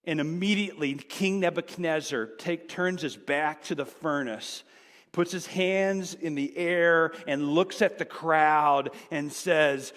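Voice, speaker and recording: A male pastor preaching a sermon, telling a story with animation, swinging between excited shouts and quiet asides. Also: on the high side, a little slow, in a large hall.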